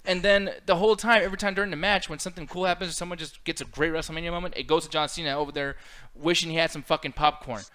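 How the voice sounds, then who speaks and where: A man's voice: fairly high pitch, fairly even intonation, very fast, bright, forceful tone. A man co-hosting a casual podcast chat, ranting with strong opinions and plenty of swearing. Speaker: podcast co-host.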